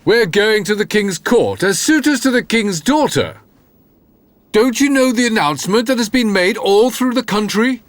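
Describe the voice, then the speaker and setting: A man's voice: sits high, animated, moderate pace, dry recording, pitched above the performer's own voice. A man voicing proud young brothers who sneer with scorn. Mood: scornful. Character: two mocking young men, proud and scornful.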